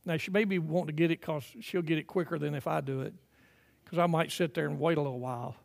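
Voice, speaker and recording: High-voiced older preacher, emphatic swells. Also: male voice, steady tone, creaky. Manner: emphatic preaching that swells to loud peaks, then drops to quiet, drawn-out phrases. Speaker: pastor. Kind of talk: sermon. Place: church sanctuary.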